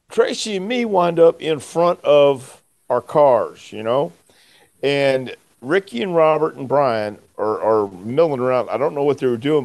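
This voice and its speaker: A man in his sixties, speaking at medium pitch with no echo, is a guest telling a long story in conversation. He's an animated storyteller who performs the other people's voices.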